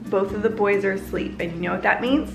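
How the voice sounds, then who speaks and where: An upbeat woman in her thirties chats to her viewers, laughing easily. Her voice sits at an ordinary pitch for a woman. A little music plays faintly in the background. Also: fairly quick, gravelly, highs cut off. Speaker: vlogger. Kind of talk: casual vlog chat.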